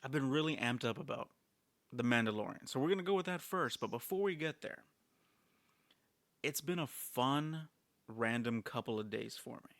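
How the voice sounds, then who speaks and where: A man co-hosting a podcast, telling an animated story in a casual chat full of fillers. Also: medium pitch, normal speed, no room sound. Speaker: podcast co-host.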